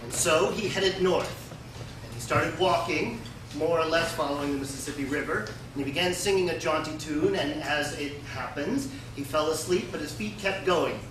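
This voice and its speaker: A man telling a folksy tall tale to a live audience in a deadpan, mock-solemn manner. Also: on the high side, normal speed. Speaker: storyteller. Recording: echoey room, distant mic, noisy.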